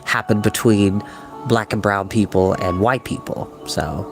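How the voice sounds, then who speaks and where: Guy reading a book out loud, stumbles on words now and then, faint music behind. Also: on the low side, fairly even intonation, a little slow, gravelly. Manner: thoughtful, stumbles on hard words. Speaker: storyteller. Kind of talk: reading a novel aloud with commentary.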